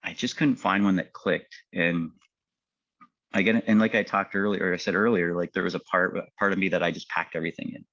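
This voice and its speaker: A man, a paramedic, telling his personal story in a halting way, full of fillers and repeated words. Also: low voice, steady tone, a bit bright, no room sound, muffled recording. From Canada. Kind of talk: personal testimony talk.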